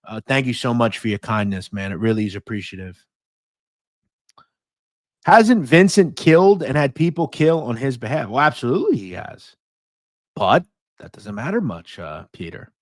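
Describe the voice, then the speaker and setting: A man's voice: medium pitch, big pitch swings, normal speed, pauses often, no echo, studio quality. A man from the United States hosting a casual livestream podcast, blunt and profane, mocking and reading out viewer donations. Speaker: podcast host.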